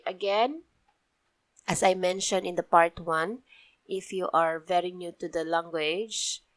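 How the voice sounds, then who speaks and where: A woman with a Cebuano accent teaching a slow vocabulary lesson, patiently explaining each word and often checking with "okay?". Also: fairly low pitch, bright, forceful tone, no room sound. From Philippines. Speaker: language teacher.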